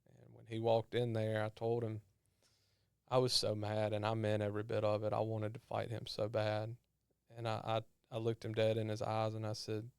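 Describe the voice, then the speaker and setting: A man's voice: on the low side, monotone, gravelly, clean tone, dry recording, clean studio sound. A man tells a personal story as a podcast guest, often stumbling and repeating words as he goes. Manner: halting, repeats words when emotional.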